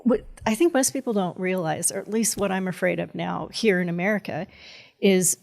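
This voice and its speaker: A woman's voice: lowish voice, normal speed, creaky, a little mellow. A woman guest on a podcast, a cybersecurity strategist talking in a chatty, rambling way, full of fillers and laughs. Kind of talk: casual conversation.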